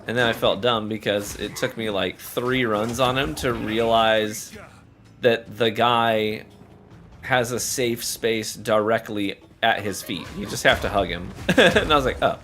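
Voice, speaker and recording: A man casually commenting on a video game as he plays, chatty and quick to laugh. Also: on the low side, soft background music. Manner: chatty, laughs often, animated reactions. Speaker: gaming streamer.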